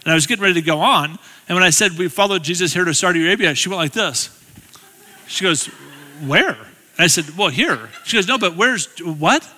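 A man's voice: high-pitched, quick pace, pushed and bright, long reverb tail. A middle-aged man giving a guest sermon in a church, telling a story in a chatty, self-deprecating way with humorous asides. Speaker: guest speaker. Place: church sanctuary.

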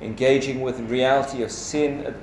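A man's voice: medium pitch, fairly even intonation, darkish tone, slight background noise. Male preacher, emphatic sermon delivery, echoey hall with faint ambience. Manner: measured, emphatic delivery with rhetorical questions.

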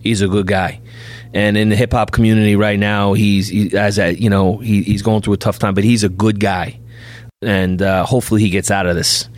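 Animated middle-aged man telling stories. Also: lowish voice, a little fast, no echo. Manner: animated anecdote teller, acts out dialogue. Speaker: bail bondsman. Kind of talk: podcast storytelling.

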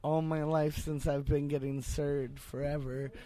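A man's voice: fairly high pitch, flat delivery, measured pace, dark tone. A young trans man, a podcast guest, speaking earnestly and thoughtfully in casual chat.

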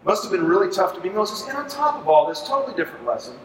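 A man leading a Bible study for ministry leaders, talking in an animated, conversational way and asking the group to agree. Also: high-pitched, very fast, vocal fry, crowd noise. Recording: echoey room, far from mic.

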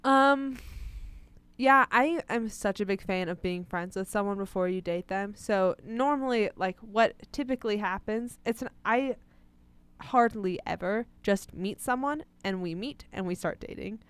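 A young woman co-hosting a casual chat, relaxed and self-deprecating, laughing often. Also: mid-range voice, unhurried, clean tone, no echo.

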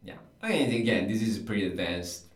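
A man's voice: fairly low pitch, lively intonation, brisk, roomy sound. A man whose first language is Italian, patiently explaining grammar in a casual language lesson, often adding "right?" and "you know". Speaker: Italian teacher.

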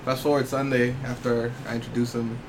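A man's voice: mid-range voice, fairly quick, noisy background. A man casually telling a personal story to friends, laughing often and swearing freely. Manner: laughing, profane, animated storyteller.

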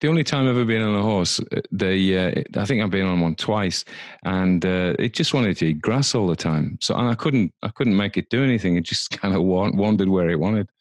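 A man's voice: low-pitched, lively intonation, brisk, no echo, studio quality. A man guesting on a podcast as a psychiatric nurse, talking casually in an easygoing, agreeable way. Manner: easygoing, agreeable, frequent chuckles. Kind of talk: casual conversational chat.

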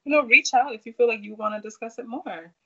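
A woman's voice: on the high side, fast, creaky, muffled recording, a crowd in the background. A woman hosting a faith podcast, summarizing her guest's points and affirming them. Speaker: podcast host. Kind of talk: faith-based podcast chat.

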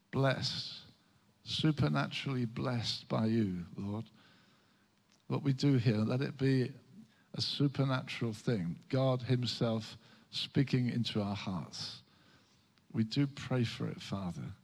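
A male pastor delivers a sermon with earnest, measured scripture reading and emphatic rises. His voice sits at an ordinary middle pitch. It carries a long reverb, as if filling a large hall.

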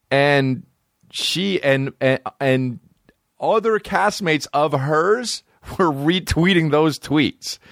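A man's voice: on the high side, fairly bright tone, dry recording, clean studio sound. A man hosting a podcast, talking in a profane, sarcastic, rambling comedic monologue. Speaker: podcast host.

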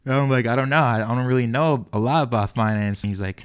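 A man's voice: mid-range voice, clear, resonant tone. A young man animatedly telling a personal story, acting out the quoted lines of the people in it. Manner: acts out quoted dialogue, quick and lively. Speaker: guest telling his story.

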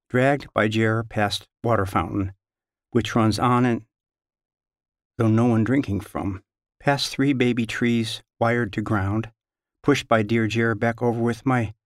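A man reading his own literary story aloud in a measured, halting first-person delivery, recorded close in a studio. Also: medium pitch, dry recording.

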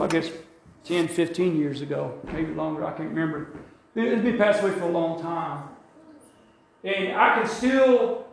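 A man preaching a sermon to his church, shouting at the peaks and drawing out his calls. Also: high-pitched. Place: church sanctuary. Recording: very echoey church hall.

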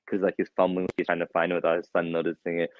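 A man teaching a religious lecture in a mosque, telling a story with animated quoted voices. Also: deep voice, very fast, no echo. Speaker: shaykh teaching a lecture series. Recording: dull, dry lo-fi sound.

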